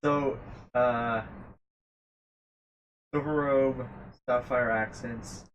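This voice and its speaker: A man's voice: mid-range voice, fairly even intonation, drawn-out words, lo-fi sound, slight background noise. A man playing a tabletop game, talking casually and thinking aloud with hesitations. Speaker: player.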